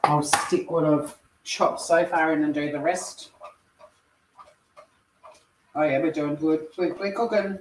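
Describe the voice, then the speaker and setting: A woman's voice: low-pitched, flat delivery, slow, long pauses, roomy sound, a little hiss or hum. An Australian woman hosting a casual livestream while she cooks at home, chatting away, swearing casually and reading viewers' comments aloud. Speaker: livestream host. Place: home kitchen.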